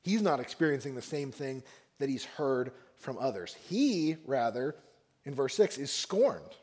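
A man's voice: mid-range voice, very animated, measured pace, darkish tone. A man preaching a sermon on a psalm, speaking expressively and acting out the mockers and the psalmist in raised voices. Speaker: pastor.

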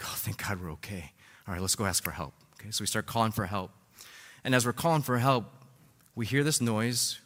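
A pastor in his thirties delivers a sermon as animated storytelling, spinning a personal tale loosely and conversationally while checking in with many "right?"s and "like"s. His voice sits at an ordinary pitch and rings out with a long hall reverb.

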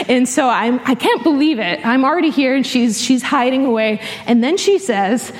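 Young woman preacher, higher voice, lively storyteller who laughs easily; echoing church hall. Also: a little slow. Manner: animated storytelling with frequent laughs. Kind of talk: sermon. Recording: long hall reverb.

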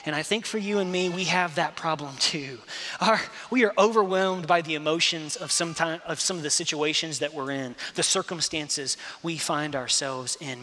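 Male pastor, sermon, impassioned and dynamic, sharp bright tone, reverberant hall. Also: on the high side, normal speed. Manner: impassioned, swings between hushed and loud.

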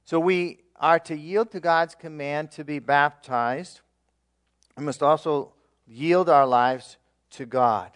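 A man preaching a sermon as pastor, earnestly leading his congregation in repeated declarations, with emphatic swings in loudness and occasional fillers. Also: a little high, takes it slowly, clear, resonant tone.

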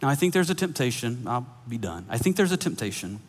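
Male pastor, mid-range voice, animated sermon storyteller, church sanctuary with lingering echo. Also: medium pitch, fast. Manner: animated storyteller, acts out dialogue with laughs. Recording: long hall reverb.

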